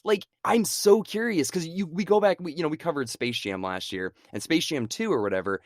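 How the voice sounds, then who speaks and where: A man co-hosting a casual movie-review podcast, animated and quick to laugh, tossing in quoted lines. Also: on the high side, no room sound, studio quality. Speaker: podcast co-host.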